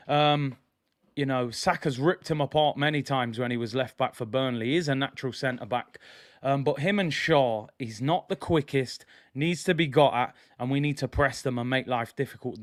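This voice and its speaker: Excitable young man, slangy. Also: fairly high pitch, no room sound, clean studio sound. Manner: excitable, slang-heavy, addresses viewers directly. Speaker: football fan channel host. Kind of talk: live football watch-along chat.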